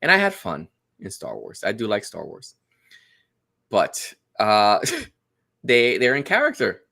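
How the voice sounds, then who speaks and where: A man's voice: fairly low pitch, huge pitch swings, a little slow, vocal fry, sharp tone. A man from New York guesting on a podcast, talking casually and laughing easily. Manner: laid-back, laughs easily. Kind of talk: casual chat.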